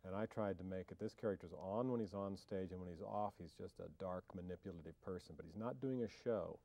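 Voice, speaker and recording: A man's voice: deep voice, brisk, warm tone, no room sound. A man being interviewed about his acting, talking casually and wryly, joking and trailing off in fillers and restarts. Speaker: film actor interviewee.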